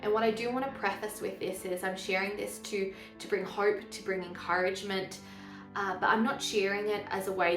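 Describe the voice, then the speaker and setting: A young woman telling her love story as a personal testimony, earnest and animated, acting out what was said. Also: medium pitch, fairly quick. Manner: earnest, animated, acts out quotes. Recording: echoey room with faint music.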